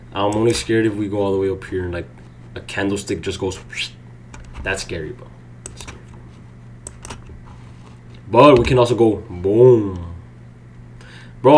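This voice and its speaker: A young man livestreaming his day trading, swearing and swinging between low muttering and loud outbursts. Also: a little hiss or hum. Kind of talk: live streaming commentary.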